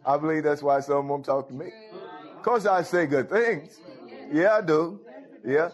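A man's voice: on the high side, unhurried, dull audio. A man preaching a sermon, quoting scripture and breaking in with exclamations of praise.

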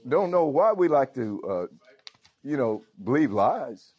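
A man's voice: mid-range voice, big pitch swings, measured pace, husky. Preacher man with a muffled sound. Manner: informal preaching with frequent call-outs to the congregation. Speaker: pastor. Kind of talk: sermon. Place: church.

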